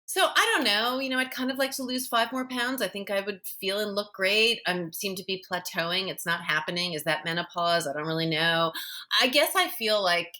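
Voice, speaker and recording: A woman's voice: medium pitch, normal speed, sharp tone. A woman in her fifties, a guest author talking candidly and chattily in a casual interview. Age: 50s. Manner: candid, chatty, lots of fillers.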